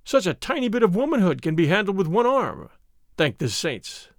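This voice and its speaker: A man's voice: high-pitched, sing-song, normal speed, dry recording, studio quality. A man voicing an arrogant army captain in an audiobook, purring and sneering as he presses his suit. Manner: sneering, overbearing. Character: arrogant bold army captain suitor, male. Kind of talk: audiobook character reading.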